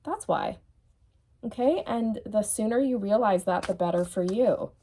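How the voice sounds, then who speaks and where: A woman with a medium-pitched, mellow voice gives an unhurried tarot reading with a little hiss or hum in the background. She's blunt and mocking, laughs often, and keeps checking in with "okay?"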